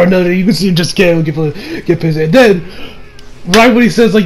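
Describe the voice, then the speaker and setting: A man's voice: high voice, normal speed. A man giving a casual, rambling episode review, swearing often and leaning on fillers like "you know" and "like". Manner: rambling, profane, full of fillers. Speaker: anime reviewer.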